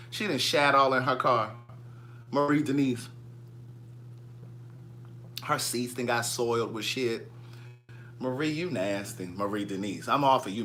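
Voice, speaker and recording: A man with a Southern US accent hosting a casual livestream, chatting in a gossipy, animated way and reading viewer comments aloud. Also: mid-range voice, slight background noise. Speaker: livestream host.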